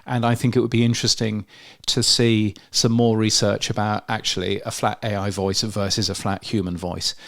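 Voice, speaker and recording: A man's voice: fairly low pitch, flat delivery, normal speed, vocal fry. A man with a London accent co-hosting a podcast news show, talking through research with lots of ums and restarts. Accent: London English. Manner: hesitant, many fillers and restarts. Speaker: podcast co-host. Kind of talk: casual news chat.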